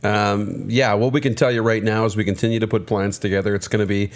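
A man's voice: on the low side, little pitch movement, fast. A man on a sports radio show, laying out upcoming show plans in an upbeat way. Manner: upbeat, promotional. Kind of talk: casual sports radio chat.

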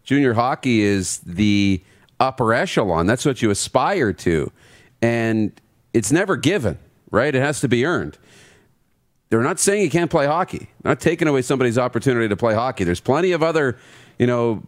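A man's voice: mid-range voice, animated, dry recording. Male radio co-host, casual sports banter, firm short opinions; dry close sound. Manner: agreeable, quick to back up the host with firm short takes.

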